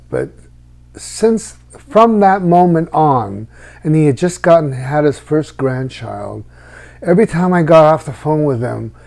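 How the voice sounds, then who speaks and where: Gravelly man telling a personal story. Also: on the high side, dark tone. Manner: halting, reflective, with restarts.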